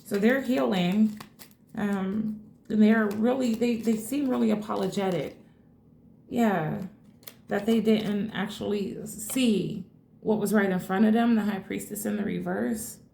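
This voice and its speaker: Female tarot reader, casual and excitable, some vocal fry, echoey room. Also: mid-range voice, unhurried, slight background noise. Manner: excitable, swears freely, addresses viewers as y'all. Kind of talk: casual tarot reading to camera.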